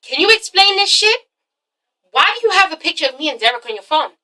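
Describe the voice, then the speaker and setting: A woman's voice: very high-pitched, very animated, fast talker, bright, forceful tone, recorded from a distance, pitched above the performer's own voice, heavily acted. A woman mimicking a breezy, pleading young woman while retelling a show scene. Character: young woman, nervous then defiant.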